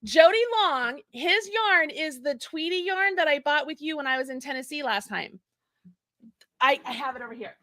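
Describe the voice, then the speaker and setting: A high-pitched woman chats casually on a livestream, reading out viewer comments as she goes. The recording is close and dry, with no room sound. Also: normal speed, pushed and bright, no echo. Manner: chatty, reads viewer comments aloud. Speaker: co-host.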